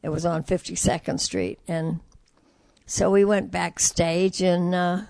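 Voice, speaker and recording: Older woman, lively storyteller, dry sound. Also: on the low side, unhurried, gravelly, no echo. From Detroit, USA. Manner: lively storyteller who acts out quoted voices. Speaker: jazz singer interviewee. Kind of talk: storytelling interview.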